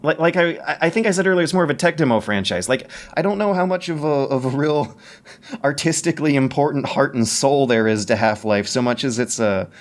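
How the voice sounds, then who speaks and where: Male podcast co-host, mid-range voice, rapid enthusiastic chatter that trips over itself. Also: medium pitch. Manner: fast, stammering, self-correcting enthusiasm. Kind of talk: casual podcast chat.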